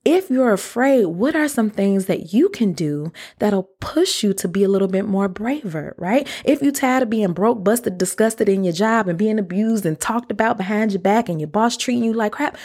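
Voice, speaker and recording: A young woman hosts her podcast in a loose, chatty way. Her voice sits at a middle pitch and bounces with energy as she acts out her own thoughts and laughs along. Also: moderate pace, hardly any pauses, husky. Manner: animated, chatty, laughs often, slips into quoted voices. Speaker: podcast host. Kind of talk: casual motivational talk.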